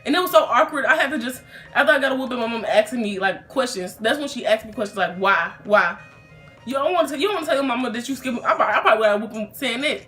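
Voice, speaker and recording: A woman's voice: on the high side, a bit bright. Chatty young woman rambling through a storytime. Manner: chatty, rambling, with many fillers and restarts. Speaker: YouTuber telling a storytime. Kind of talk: casual storytime vlog.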